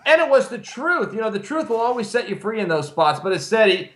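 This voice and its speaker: A man's voice: sits high, very animated, brisk. A man speaking as a guest on a talk show, blunt and opinionated in casual chat. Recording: roomy echo.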